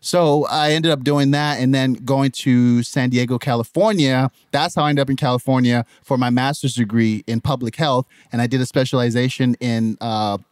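Man, Nigerian accent, animated storytelling, medium pitch, dry sound. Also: normal speed, hardly any pauses, no echo. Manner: animated, jumps into high mimicking voices when quoting others. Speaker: podcast guest. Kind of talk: conversational storytelling.

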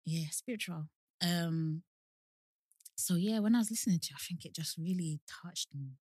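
A young woman co-hosting a casual chat podcast, animated, repeating herself and acting out quotes. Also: lowish voice, moderate pace, husky, no echo, studio quality. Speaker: podcast co-host.

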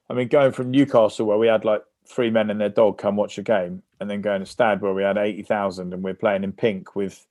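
A man from England, a former rugby player, telling animated anecdotes in a casual interview, with many fillers and restarts. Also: fairly low pitch, no echo, studio quality.

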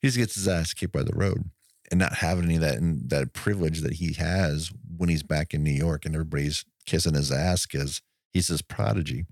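Low gravelly man retelling a movie. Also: fairly quick, no room sound, studio quality. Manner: animated retelling, acts out lines with laughs. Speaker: podcast co-host. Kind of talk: casual movie-recap chat.

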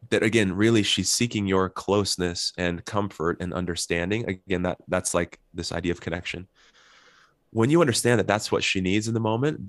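Deep-voiced man explaining couples advice. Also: no room sound, clean studio sound. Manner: earnest, explanatory, gives worked examples. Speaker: couples therapist. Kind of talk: interview guest explaining advice.

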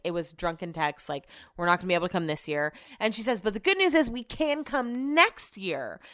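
A middle-aged woman hosting a podcast, telling an animated, profane story and acting out what people said, with a throat she keeps clearing. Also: mid-range voice, no echo, studio quality. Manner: animated, profane, acts out quotes. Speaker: podcast host. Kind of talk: casual storytelling.

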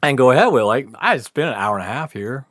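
Animated, laughing man telling a story. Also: mid-range voice, fast talker. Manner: animated, laughing, swears often, acts out quotes. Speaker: podcast guest storyteller. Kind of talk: casual storytelling.

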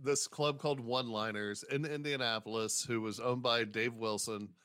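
A man, a stand-up comedian guest, telling stories in a casual interview, animated, acting out the voices of people he quotes and swearing freely. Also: medium pitch, normal speed, dry recording, clean studio sound.

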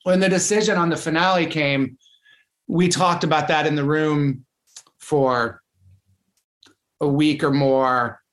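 A man's voice: on the high side, steady tone, unhurried, long pauses, fairly bright tone. A man, a TV writer, speaking earnestly in an interview and repeating words for emphasis. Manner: earnest, repetitive. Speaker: TV writer guest.

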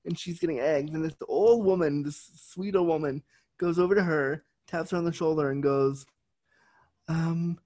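Candid, freely swearing man, slightly high voice. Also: normal speed, a little mellow. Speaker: podcast host. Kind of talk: casual interview chat.

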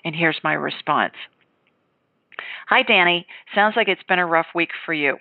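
A woman with a fairly low voice speaks at a normal pace, with no room sound and a tinny, phone-like radio quality. She hosts a psychic call-in radio show, giving readings to callers and answering emails in a confident, emphatic, conversational manner.

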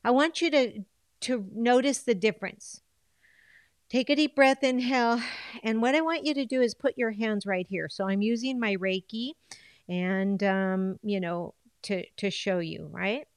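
Clear-voiced bilingual woman coach. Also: a little high, unhurried, no room sound, clean studio sound. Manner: coaxing, repeats phrases for emphasis.

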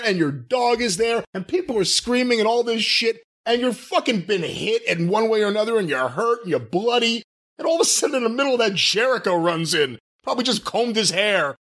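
A man's voice: very high voice, fairly bright tone. A man co-hosting a podcast, talking in an incredulous, mocking and profane way. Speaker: podcast co-host. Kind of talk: casual podcast chat.

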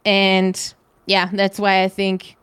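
A young woman from Germany chats casually on a podcast, her mid-pitched voice recorded dry and close. She rambles and restarts often and swears freely. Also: monotone, takes it slowly, fairly bright tone, clean tone, no room sound. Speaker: podcast co-host. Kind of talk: casual chat.

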